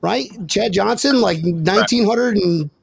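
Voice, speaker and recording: Brief: male podcast host, excitable and teasing, high-pitched with lots of fry. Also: unhurried. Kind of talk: casual sports banter.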